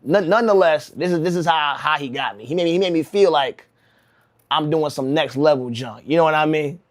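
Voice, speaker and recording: A young man from Connecticut, USA, who makes rugs on his livestream, tells a rambling, slangy story, saying "bro" a lot and often restarting sentences. His voice is a little high and a little fast, with studio-quality sound and no room noise.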